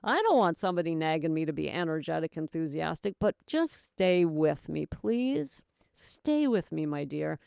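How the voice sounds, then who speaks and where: A woman's voice: low voice, sing-song, normal speed, gravelly, darkish tone, clean tone, no room sound, clean studio sound. A woman hosting her own sobriety podcast, talking straight to the listener in an earnest, encouraging, folksy way. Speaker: podcast host, sobriety coach. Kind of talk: motivational solo talk.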